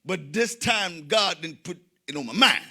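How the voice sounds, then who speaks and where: Male stand-up comic: bright, piercing tone, high voice that swoops all over, plays every character in his stories and talks straight to the crowd. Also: measured pace. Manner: animated storytelling, acts out quoted voices, shouts punchlines; addresses the audience directly. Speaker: stand-up comedian. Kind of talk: stand-up comedy routine. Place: comedy stage before a live audience.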